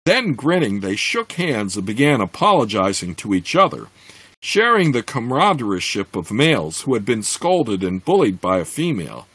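A man reading a fantasy novel aloud, expressive, with occasional slips and restarts. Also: fairly low pitch, moderate pace, slightly rough, no echo. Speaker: reader.

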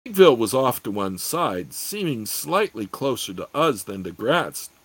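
A man's voice: medium pitch, big pitch swings, a little slow, a bit bright, husky, no echo, rough recording. A man narrating a fantasy audiobook expressively, with occasional self-corrections.

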